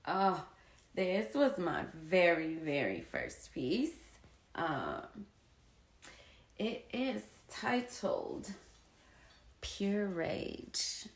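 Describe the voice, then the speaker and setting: A young adult woman talking casually and from the heart to her viewers, slow and reflective, with soft whispered asides. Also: lowish voice, big pitch swings. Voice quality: gravelly vocal fry. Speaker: poet and painter sharing her story. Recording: echoey room.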